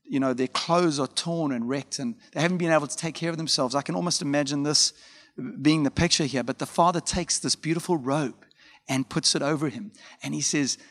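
A man preaches in a relaxed, chatty way, leaning into personal stories and throwing in little asides as he goes. His voice sits on the higher side for a man, and it rings out with a long hall echo. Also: brisk. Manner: informal storytelling with frequent fillers and asides. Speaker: pastor. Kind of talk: conversational sermon.

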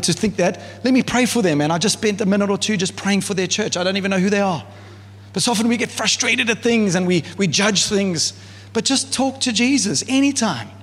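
A man preaches to his church in an easy, chatty way, often stopping to restart a thought. His voice is fairly high and a little husky. It rings out through a hall with a long reverb. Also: a bit bright. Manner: casual, conversational preaching with many fillers. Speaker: pastor. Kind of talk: sermon.

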